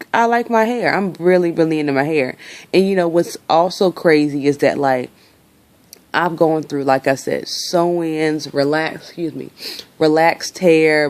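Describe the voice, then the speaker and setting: A woman's voice: low-pitched, darkish tone. A young woman venting her frustration in a casual vlog, talking freely and swearing. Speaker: vlogger.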